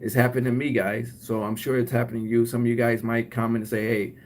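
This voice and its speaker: A man's voice: mid-range voice, level tone, quick pace, a little hiss or hum. A man with a Detroit accent who runs a cleaning business, giving casual advice to viewers and often ending points with "right?". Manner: acts out both sides of short scenes.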